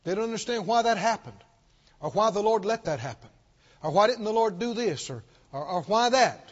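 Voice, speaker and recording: A man preaching a sermon as pastor, swinging from loud declarations to soft pleading, with repetitive call-and-response. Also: high voice, lively intonation, normal speed, highs cut off.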